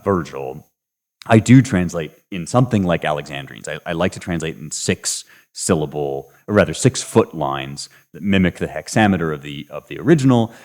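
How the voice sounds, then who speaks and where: A man's voice: low-pitched, a little mellow. A man hosting a podcast, talking through poetry in a thoughtful, casual way with frequent restarts and hesitations. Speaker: podcast host. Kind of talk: casual literary commentary.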